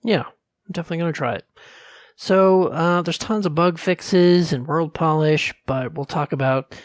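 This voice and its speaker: A man co-hosting a gaming podcast, explaining game updates in detail in a relaxed, chatty way. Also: a little high, normal speed, no echo. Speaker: podcast co-host. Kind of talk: casual gaming podcast chat.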